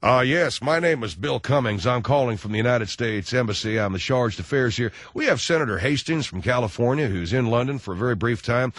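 A man voicing a smooth-talking fake American embassy official, folksy and ingratiating, on a dry close mic. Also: medium pitch, animated, brisk, few pauses, fairly bright tone, no echo, pitched below the performer's own voice.

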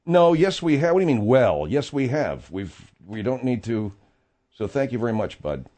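Brief: male talk show host, dry deadpan delivery, rambling monologue. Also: medium pitch, moderate pace. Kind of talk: comedic talk radio hosting.

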